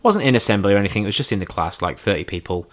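A man's voice: on the low side, lively intonation, rapid-fire. An English man in his thirties telling comic stories in a dry, self-mocking way, swearing casually. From England. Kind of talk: comic storytelling.

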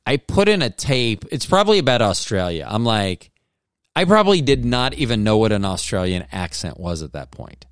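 A man's voice: on the low side, very animated, moderate pace, smooth, no echo, clean studio sound. A man hosting a podcast, telling a casual comedic story in a rambling way, often breaking off and restarting his sentences. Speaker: podcast host.

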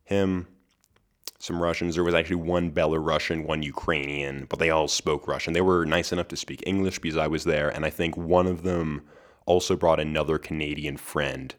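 Very deep-voiced man telling a story. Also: fairly even intonation, moderate pace. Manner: chatty, laughs between lines, restarts words. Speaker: podcast host. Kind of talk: casual solo storytelling.

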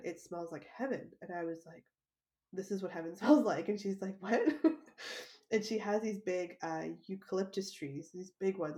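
A woman's voice: mid-range voice, darkish tone. A woman hosting a podcast, telling a personal story in a casual, chatty way, with frequent laughter and plenty of "like" as filler. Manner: chatty, laughs often, lots of "like". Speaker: podcast host.

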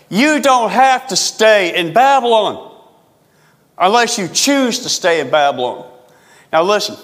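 A male pastor preaching a sermon, repeating phrases for emphasis and stretching key words slowly. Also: on the high side, very animated, fairly bright tone, big-room sound.

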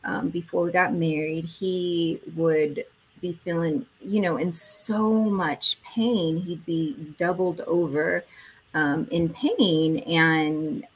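A woman in her forties telling a personal story as a guest, acting out quotes with sudden jumps in pitch. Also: steady tone, takes it slowly, breathy edge. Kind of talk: personal storytelling in a podcast chat.

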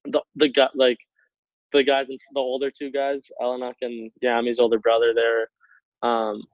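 A young man, a hockey player, telling a story in a rambling casual way, full of likes and quick laughs. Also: mid-range voice, monotone, dry recording. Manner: rambling, many likes, laughs between phrases. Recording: tinny phone-like line, dry.

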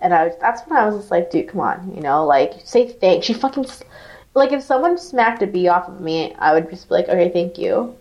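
A woman co-hosting a podcast, telling an animated, profanity-laced story full of "like" fillers in casual chat. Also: lowish voice, fairly quick, lo-fi sound. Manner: animated, swearing, lots of "like" fillers. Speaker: podcast co-host.

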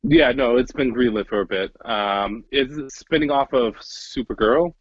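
Husky-voiced young man chatting, dull sound. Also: medium pitch, no room sound. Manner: animated, swearing, talks fast and restarts. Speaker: podcast co-host. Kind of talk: casual chat.

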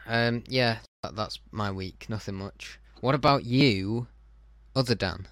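A young man co-hosting a podcast, chatting casually in a low-key, understated way. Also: unhurried, fairly bright tone, no echo. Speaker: podcast co-host. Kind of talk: casual chat.

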